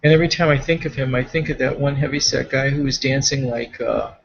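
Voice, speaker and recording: Gravelly, rambling man in casual chat. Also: mid-range voice, fairly even intonation, lo-fi sound. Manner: rambling, halting, with many restarts and fillers. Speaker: podcast co-host.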